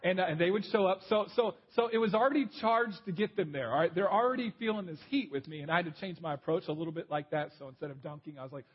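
A man's voice: on the high side, animated, fast talker, breathy edge, dull audio. A pastor preaching a sermon in a conversational, storytelling way, repeating his key points.

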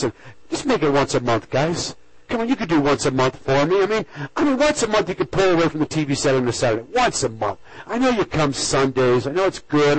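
A man preaching a sermon as a pastor, swinging between loud exhortation and hushed near-whispers. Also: fairly high pitch, poor audio. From United States.

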